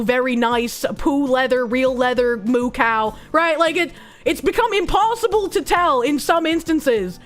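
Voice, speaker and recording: A high-pitched woman streamer rants bluntly with plenty of swearing and dry sarcasm. She reads news out loud and reacts to it, stopping to thank chat for subs. Soft music plays faintly behind her. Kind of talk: livestream reading and reacting to news.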